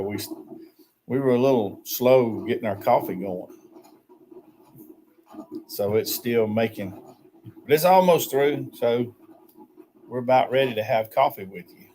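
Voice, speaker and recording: A relaxed man talking casually over morning coffee, laughing easily and calling out hellos to viewers. His voice sits at an ordinary middle pitch and the talk rambles at an unhurried pace. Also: slight background noise. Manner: easygoing, laughs often, greets viewers by name. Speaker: livestream host. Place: small shed used as a tiny house.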